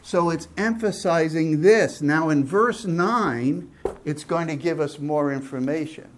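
A man preaching a sermon, asking the congregation questions and explaining Greek words with slow, drawn-out emphasis. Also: a little high, slight background noise. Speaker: pastor. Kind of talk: sermon Bible teaching.

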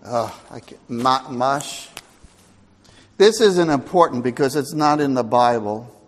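Give me a slow, chatty male preacher teaching the Bible in an echoey hall. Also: medium pitch. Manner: chatty and self-deprecating, laughs often.

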